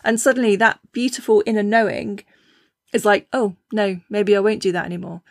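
A woman hosting a casual talk on intuition, chatty, with lively quoted voices and frequent restarts. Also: medium pitch, a little fast, no room sound, clean studio sound. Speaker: podcast host.

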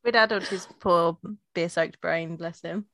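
A woman co-hosting a beer podcast in casual chat, quick to laugh and chiming in with agreement. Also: fairly low pitch, a bit bright, no room sound, studio quality. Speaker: podcast co-host.

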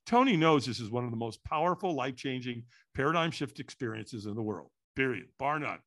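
A man telling a story in an animated way, acting out the quotes and sounds. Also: medium pitch, fairly quick. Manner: lively, acts out quotes and sounds.

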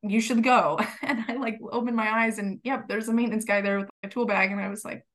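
Animated woman telling her story. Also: fairly high pitch, fast. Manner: animated, laughs while telling, acts out quotes. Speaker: guest. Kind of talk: casual storytelling.

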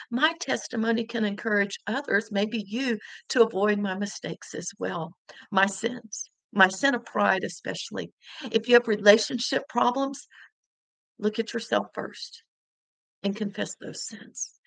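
A woman's voice: a little high, creaky, sharp tone, no echo, poor audio. An older woman sharing an earnest, emotional faith testimony as a podcast host, tearful at times. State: crying.

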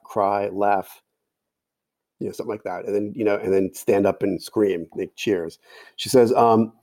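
A man's voice: on the low side, a little mellow, no room sound. A man telling a long personal story in casual talk, quoting others in his own voice. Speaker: podcast guest, storyteller.

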